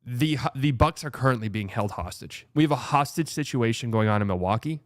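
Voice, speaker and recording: A man's voice: mid-range voice, expressive, fairly quick, dry recording, studio quality. A man hosting a casual sports commentary show, sarcastic and blunt, swearing freely. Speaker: host.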